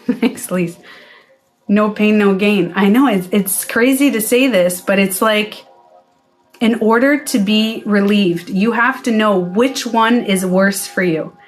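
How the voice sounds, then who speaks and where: A woman's voice: medium pitch, takes it slowly. A woman wellness coach talking casually to her viewers, candid and swearing freely as she acts out her own reactions. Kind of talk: casual live-stream talk to viewers. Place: indoors, playing music in the background.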